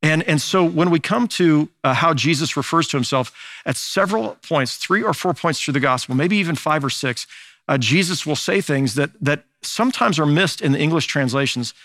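Conversational pastor, dry close sound. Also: male voice, on the high side, animated, moderate pace, a bit bright, dry recording. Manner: conversational teaching, frequent "uh" and repeated words. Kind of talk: sermon.

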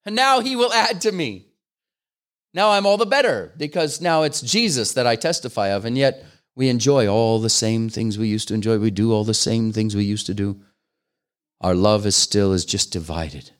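A man's voice: on the low side, moderate pace. An older man preaching a sermon, earnest and pleading, pressing his listeners with questions that rise into fervent appeals. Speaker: guest preacher.

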